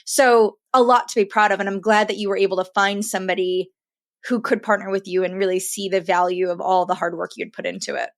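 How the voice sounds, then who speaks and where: A woman's voice: mid-range voice, fairly even intonation, fairly quick. A woman hosting a podcast interview, asking empathetic, chatty questions. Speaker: podcast host.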